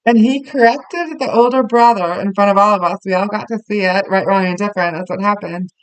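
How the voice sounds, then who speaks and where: With a mid-range, smooth voice moving a little fast, a parenting teacher tells parents personal stories, earnest and conversational, with many fillers and restarts. There's no echo, though the audio is poor.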